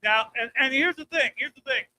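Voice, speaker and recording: Bright, high-voiced brash male comic. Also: brisk, dry recording, low-quality recording. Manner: brash, crude punchlines, keeps checking in with "all right?". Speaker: stand-up comedian. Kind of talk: stand-up comedy set. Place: live comedy show stage.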